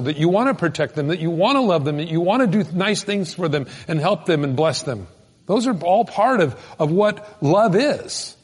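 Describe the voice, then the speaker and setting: Animated high-voiced male preacher, hall reverb. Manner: folksy, animated storytelling with sudden loud bursts. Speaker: pastor. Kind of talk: sermon.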